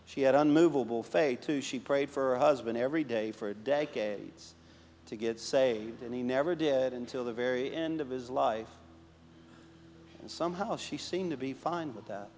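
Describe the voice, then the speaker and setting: A man who pastors a church, preaching a sermon and telling stories, swinging between emphatic and hushed delivery. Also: medium pitch, moderate pace, in a large hall, slight background noise. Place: church sanctuary.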